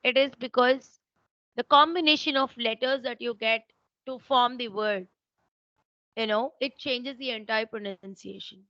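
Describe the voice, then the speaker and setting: Indian-accented woman teacher, higher voice, explains patiently, dull dry call audio. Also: a little slow, sharp tone, dry recording. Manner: explanatory, checks for understanding. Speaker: English teacher. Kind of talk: online teaching exchange.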